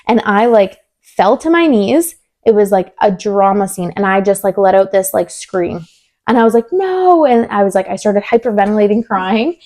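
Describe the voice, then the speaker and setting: A woman's voice: mid-range voice, brisk. A young woman co-hosting a podcast, telling a story in casual chat, acting out quoted lines with many "like" fillers. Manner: animated, acts out quoted dialogue, many "like" fillers. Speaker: podcast co-host.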